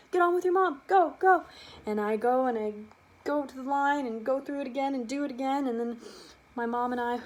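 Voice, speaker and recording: A young adult woman telling a personal childhood story, lively and animated, acting out the quotes. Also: a little high. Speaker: student storyteller.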